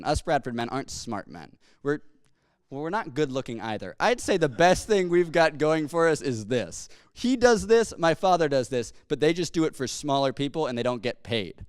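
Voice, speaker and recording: A man's voice: on the high side, big pitch swings, normal speed, clear, resonant tone, dry recording, clean studio sound. A young man performing a stand-up comedy set on stage into a handheld mic, telling rambling stories that keep interrupting themselves. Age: young adult. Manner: rambling, self-interrupting storytelling.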